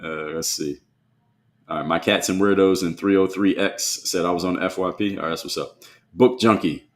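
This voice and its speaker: Blunt man answering chat live. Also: deep voice. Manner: blunt, conversational, argues back at comments. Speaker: live stream host. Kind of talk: solo live stream, reading and answering chat comments.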